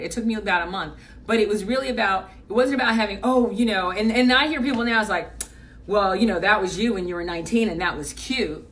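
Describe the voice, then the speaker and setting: Speaking from a distance to the mic, a middle-aged business coach uses a medium-pitched, fairly bright voice to share a personal story. She's blunt and emphatic, driving her points home through repetition in a motivational storytelling style.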